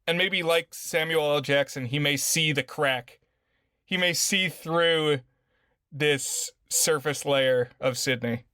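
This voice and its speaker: Bright-voiced man in dry, close sound. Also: a little high, slow pace, clean tone, dry recording. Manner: easygoing, laughs while talking. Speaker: podcast co-host. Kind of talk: casual film discussion.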